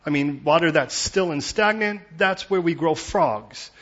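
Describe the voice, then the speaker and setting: A man preaching in a loose, conversational way, with a slightly raised pitch and a husky edge to his voice. The recording sounds dull and lo-fi. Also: a little slow. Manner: conversational and animated, acts out biblical voices. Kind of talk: sermon.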